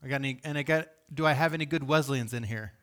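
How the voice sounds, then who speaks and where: A male pastor delivering a sermon in an animated, conversational preaching manner. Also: medium pitch, quick pace.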